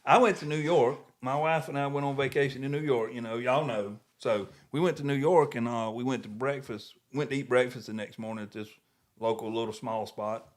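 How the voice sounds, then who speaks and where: A man's voice: medium pitch, fairly quick. A man with a Southern US accent, co-hosting a casual chat and telling stories with frequent laughs. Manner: storytelling, laughs often, self-described country boy. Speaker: podcast co-host.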